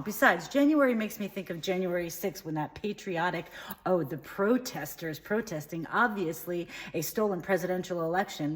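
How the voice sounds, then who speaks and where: A woman's voice: on the low side, close to an everyday voice. A woman playing a dim-witted, bigoted comedy character who rambles from tangent to tangent in a satirical monologue. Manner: rambling, mishears words, flits between tangents.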